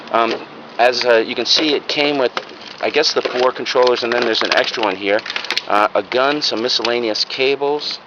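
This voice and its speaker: A man casually showing off his secondhand finds in a video, rambling and frank, with plenty of ums and uhs. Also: mid-range voice. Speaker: reseller vlogger. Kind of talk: casual show-and-tell haul video. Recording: lo-fi home video with clear background noise.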